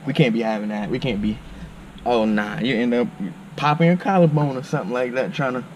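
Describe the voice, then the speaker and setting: A man doing a casual car walkaround for his vlog, excitable and slangy, talking straight to viewers. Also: mid-range voice, fairly quick, slight background noise. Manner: loose, slangy, excitable, talks to viewers as y'all. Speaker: car vlogger. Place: indoor car dealership showroom. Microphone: handheld camera with small on-camera mic.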